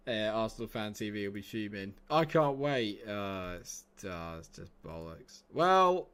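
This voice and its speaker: A man's voice: fairly low pitch, sing-song, unhurried, few pauses, a bit bright, smooth. A man commenting casually on his live game stream, chatty and swearing freely as he talks to his chat.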